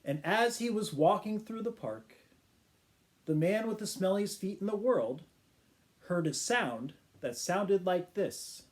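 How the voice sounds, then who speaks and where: A man, an English teacher, telling a children's story to learners in a playful, animated way. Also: high voice, takes it slowly. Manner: animated, playful sound effects and voices.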